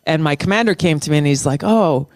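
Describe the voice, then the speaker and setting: Impassioned middle-aged veteran, smooth voice. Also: medium pitch, no echo. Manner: impassioned, restarts phrases, slows down for emphasis. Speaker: guest, military veteran and former state lawmaker. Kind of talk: earnest conversational interview.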